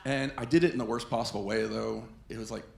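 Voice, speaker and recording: Male stand-up comic with a gravelly voice in an echoey club, telling animated stories. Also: medium pitch, fast talker, slight background noise. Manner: animated storytelling with quoted voices. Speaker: stand-up comedian. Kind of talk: stand-up comedy set. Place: comedy club stage. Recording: echoey club with faint ambience.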